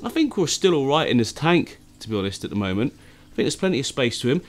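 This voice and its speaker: A man's voice: medium pitch, sing-song, fast talker. Chatty enthusiastic man, groggy morning voice. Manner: chatty and enthusiastic, laughs often. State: early-morning voice, deeper than usual. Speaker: fishkeeping vlog host. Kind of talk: casual chat to camera. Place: home fish-tank studio, indoors.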